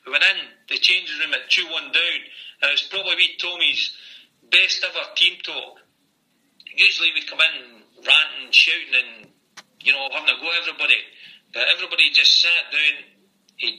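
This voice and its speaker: A man's voice: fairly high pitch, brisk, bright, forceful tone, rough recording. A middle-aged Scottish man, a former footballer, telling long stories in an interview, often repeating "he says" and "I says". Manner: rambling anecdotes with repeated "I says". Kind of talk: storytelling interview.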